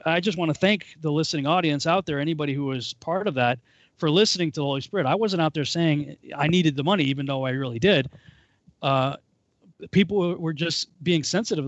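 A man recounts a personal journey on a group call, moving loosely through his story and slipping into quoted voices. His voice sits a little high for a man. The sound is dry and dull, like lo-fi call audio. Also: no echo. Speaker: panel guest. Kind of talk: casual testimony on a call.

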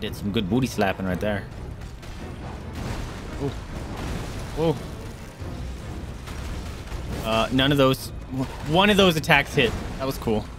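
A man streaming a game live, commentating excitably, swearing freely and taunting the enemies on screen. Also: mid-range voice, slow pace, long pauses, music in the background.

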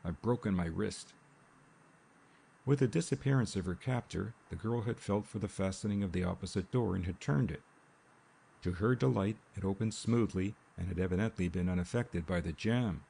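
A man narrating a mystery novel in a measured, steady audiobook reading. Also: low-pitched, vocal fry, slightly rough. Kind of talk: scripted narration. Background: rain sounds.

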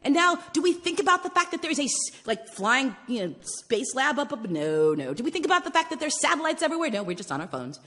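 A woman in her forties preaches through a personal story. Her high voice leaps and dips, and she drops to whispers before bursting out loud. The sound rings with a long church reverb. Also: quick pace, few pauses. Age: 40s. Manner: animated, swings from hushed whispers to loud exclaiming. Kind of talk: storytelling sermon. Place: church sanctuary.

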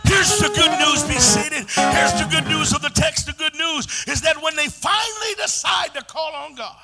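A man preaching a sermon in call-and-response style, chanting and building to shouts. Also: extremely high pitch, moderate pace, vocal fry, loud music behind the voice.

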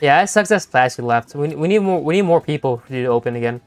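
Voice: mid-range voice, lively intonation, fast talker. A young-adult game streamer chatting playfully with viewers during a live session, laughing often and teasing the chat.

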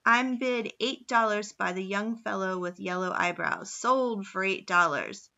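A woman playing a brash frontier auctioneer, bright and forceful, auction patter, slightly muffled recording. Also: high-pitched, creaky, a little hiss or hum, full character voice. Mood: hawking. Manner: rapid auction patter, repeating bids.

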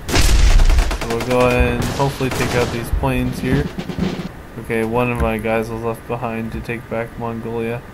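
A man at a middle pitch talks through his moves in a strategy game, thinking aloud and restarting his sentences. A steady hum of background noise runs under his voice. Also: moderate pace. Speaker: let's play commentator. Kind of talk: casual strategy game commentary.

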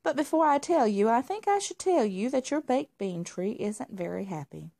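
A male boss cat from a children's storybook who knows everything going on , voiced by a woman reader. He speaks in a calm, matter-of-fact way. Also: a little high, normal speed, vocal fry, voice pushed up. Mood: knowing.

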